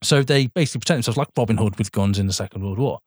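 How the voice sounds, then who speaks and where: A man's voice: fairly low pitch, racing, darkish tone, dry recording. Guy rambling on a podcast, laughs a lot, dry close sound. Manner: chatty, laughs often, rambling film opinions. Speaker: podcast co-host. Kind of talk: casual chat.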